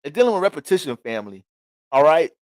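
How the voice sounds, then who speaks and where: A male astrologer talks through a casual reading in an animated, preachy way, swearing freely. His voice sits somewhat high and sounds dry, close and free of room echo. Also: quick pace.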